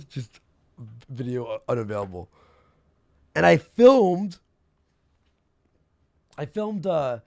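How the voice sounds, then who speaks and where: A man's voice: medium pitch, gravelly, a little mellow, no echo. A young man hosting a casual livestream, telling rambling gossip stories with lots of swearing and laughter. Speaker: streamer host.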